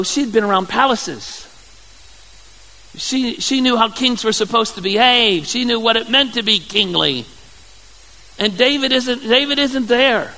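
Male pastor, high voice, sermon delivery, conversational and halting; reverberant hall. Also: creaky, bright, forceful tone, a little hiss or hum. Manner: conversational, halting, repeats words.

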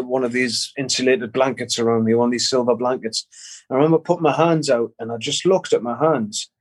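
Middle-aged male guest, stop-start storyteller, mid-pitched voice, casual swearing. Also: a little mellow. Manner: halting, repeats words, swears casually. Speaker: guest musician.

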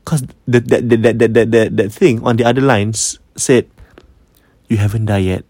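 A man's voice: mid-range voice, steady tone, moderate pace, dark tone, dry recording. A man with a Malaysian accent telling a creepy story in a casual podcast, mixing English and Malay, repeating and stumbling over words. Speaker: podcast host.

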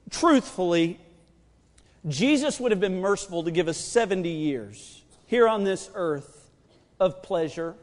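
Pastor, male, high voice, preaching in a reverberant church, dynamic delivery with shouted, stretched-out emphasis. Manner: swings from quiet to shouting, drawn-out emphasis. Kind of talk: sermon. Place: church sanctuary. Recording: long hall reverb.

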